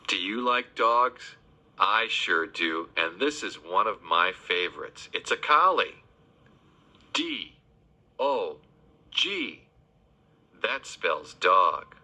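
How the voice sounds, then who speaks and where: Slow, sing-song man spelling for kids. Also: deep voice, animated, bright, forceful tone. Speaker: children's teacher.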